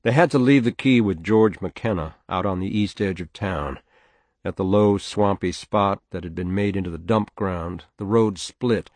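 A man reading a novel aloud in a measured, steady audiobook narration. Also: deep voice, dry recording.

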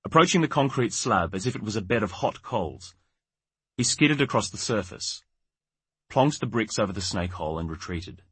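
A man narrating an audiobook in a measured, wry storytelling manner. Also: on the low side, animated, a bit bright, husky, dry recording. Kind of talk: scripted narration.

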